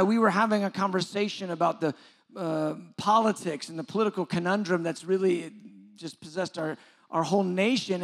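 A man's voice: high-pitched, fairly bright tone. A middle-aged man preaching a sermon as pastor, moving from conversational asides to emphatic, rising questions. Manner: conversational asides with filler words.

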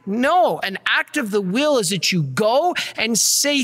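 A priest preaching a conversational sermon, with asides and frequent restarts. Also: male voice, sits high, big pitch swings, measured pace, hardly any pauses, a bit bright, in a large hall.

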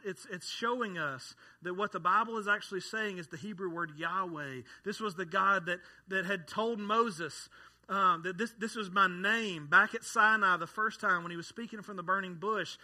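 Man in his thirties, pastor, sermon delivery, bright, slightly high voice, conversational and wry. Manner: conversational, joking asides to the congregation.

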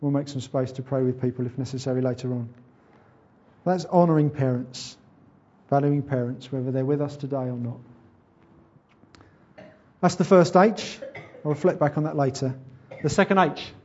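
Husky-voiced preacher giving a sermon. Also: male voice, medium pitch, fairly even intonation, moderate pace, pauses often, mellow, dull audio. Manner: earnest, conversational preaching with acted-out jokes. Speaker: pastor.

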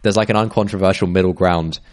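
A man co-hosting a podcast in casual chat, hesitant, full of fillers and restarts, and quick to laugh. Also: sits low, steady tone. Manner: laughs easily. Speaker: podcast co-host.

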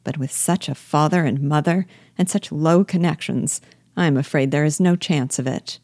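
A woman's voice: deep voice, normal speed, darkish tone, no room sound, clean studio sound. A woman reading aloud, voicing a gossiping, condescending married lady. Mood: gossipy. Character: gossiping disdainful married lady, Mrs Hurst.

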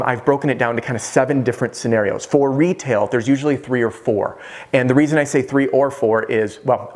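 Guy giving a pumped-up sales lesson to the camera, keeps asking the viewer questions, mid-range voice. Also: mid-range voice. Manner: energetic, fires off rhetorical questions. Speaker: roofing sales trainer. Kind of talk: direct-to-camera sales training talk.

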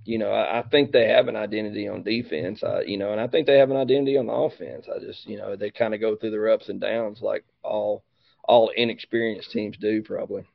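Gravelly, halting football coach. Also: male voice, lowish voice, steady tone, no echo, lo-fi sound. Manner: halting, leans on "you know" and repeats himself. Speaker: high school football coach. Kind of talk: casual interview answers.

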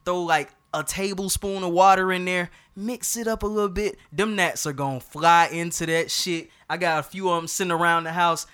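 Male podcast host, fairly high, clear voice; loud, slangy, hyped casual talk. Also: fairly even intonation, moderate pace, few pauses.

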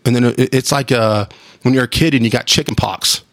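A man's voice: mid-range voice, brisk, fairly bright tone, dry recording. A man, hosting a casual solo monologue, rambling and enthusiastic with casual swearing. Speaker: podcast host.

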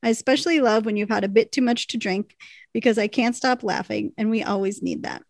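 A woman's voice: mid-range voice, brisk, gravelly, no room sound, clean studio sound. A British woman co-hosting a casual podcast, reading listener emails aloud and laughing often. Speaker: podcast co-host.

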